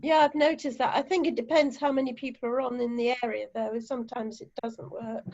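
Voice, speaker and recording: A woman's voice: fairly high pitch, fairly even intonation, a little fast, darkish tone. Woman host, dull call audio. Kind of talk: casual chat on a video call. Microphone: video call.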